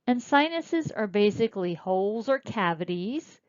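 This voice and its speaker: A woman teaching a recorded lecture, explaining slowly and spelling out terms as she points. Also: medium pitch, expressive, no room sound. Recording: dull lo-fi dry recording.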